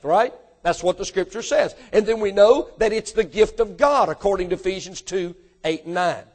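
A man with a high voice, preaching a sermon with emphatic, rising delivery. He speaks straight to his congregation, pressing them with questions. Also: a little mellow. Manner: addresses congregation directly with questions. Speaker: pastor.

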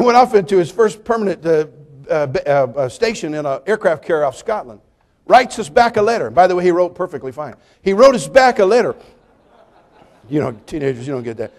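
A male preacher with a high-pitched voice delivers a sermon. He tells stories with comic timing. He swings between loud, lively bursts and hushed, pleading appeals. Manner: animated, joking storytelling with sudden drops to quiet appeals.

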